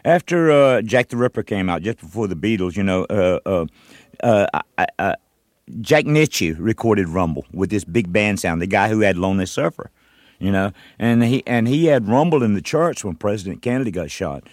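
A man's voice: lowish voice, lively intonation, normal speed, no room sound, studio quality. An older man from North Carolina, a musician guest in an interview, telling long stories in a rambling way with many restarts and "you know"s. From North Carolina, USA. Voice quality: short of breath.

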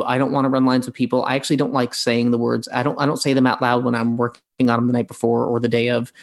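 A man in his forties, an actor being interviewed, talking loosely with many fillers and restarts. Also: medium pitch. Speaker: actor guest. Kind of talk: relaxed interview talk.

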